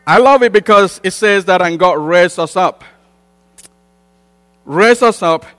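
A man's voice: high voice, fairly bright tone. A man preaching a sermon with an emphatic, repetitive cadence that rises in bursts. English is not his first language. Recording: long hall reverb with mains hum.

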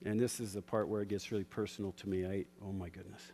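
A man preaching a sermon, moving between quiet personal reflection and loud, fervent storytelling with bursts of laughter. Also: lowish voice, level tone, fast talker, big-room sound, slight background noise. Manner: builds from soft reflection to shouted fervor, with laughs.

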